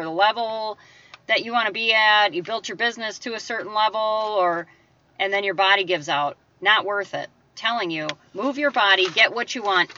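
A woman speaks in a bright, forceful voice, giving an emphatic motivational talk. She talks to the listener directly and acts out the voices she quotes. The sound is dry and slightly dull. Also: mid-range voice, no room sound, far from the mic. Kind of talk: motivational monologue.

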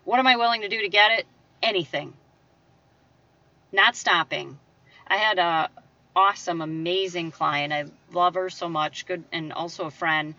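Woman doing an upbeat motivational talk, bright punchy voice, dry kinda dull recording. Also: fairly low pitch, normal speed, pauses often, far from the mic. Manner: emphatic, acts out quoted voices, conversational. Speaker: motivational speaker. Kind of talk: motivational monologue.

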